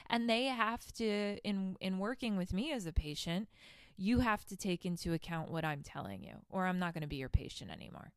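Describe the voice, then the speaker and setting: A woman's voice: medium pitch, animated, normal speed, clean tone, no room sound, studio quality. A woman hosting a podcast and telling a story in a casual, blunt, profane way, with laughing asides into a handheld microphone. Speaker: podcast host. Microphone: handheld microphone held close.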